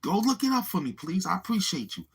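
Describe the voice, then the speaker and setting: A man's voice: high-pitched, very animated, fast talker, breathy edge, low-quality recording. A man chatting casually on his livestream, rambling and swearing as he talks straight to his viewers. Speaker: YouTube livestreamer.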